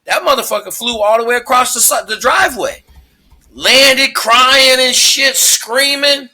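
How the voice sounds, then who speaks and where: A man's voice: extremely high pitch, measured pace, bright, forceful tone. A middle-aged man telling stories in casual chat, emphatic and heavy on swearing. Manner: profane, emphatic storyteller.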